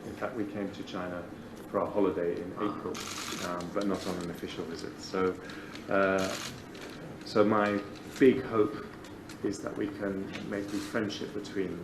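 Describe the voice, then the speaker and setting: Low-voiced male politician, halting speech, roomy hall, noisy. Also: level tone, far from the mic. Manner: halting, many pauses and ums. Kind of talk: formal speech with light humor. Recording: roomy banquet hall with background noise.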